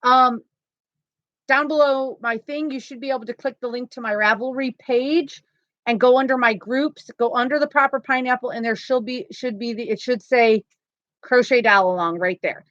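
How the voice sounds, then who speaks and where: A woman's voice: a little high, moderate pace, a bit bright, dry recording. A woman hosting a casual crochet live stream from home, chatty and laughing often. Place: home, indoors. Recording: slightly dull lo-fi sound.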